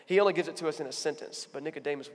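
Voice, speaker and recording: A man giving a sermon as a pastor, talking in a conversational, animated storytelling way. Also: on the high side, rapid-fire, long reverb tail. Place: church.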